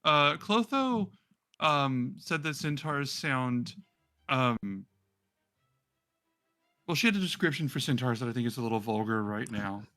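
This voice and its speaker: A man narrating as game master of a tabletop game, rambling with many pauses and restarts. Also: mid-range voice, expressive, pushed and bright, faint music behind.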